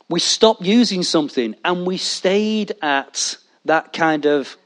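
A man preaching a sermon, animated and jokey, talking straight to his congregation. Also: high-pitched, unhurried. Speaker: pastor.

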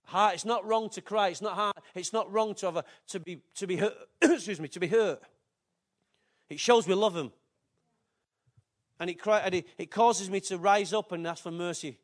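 A man's voice: high voice, moderate pace. An older man, preaching a sermon in a chatty, joking way with asides to the congregation. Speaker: pastor.

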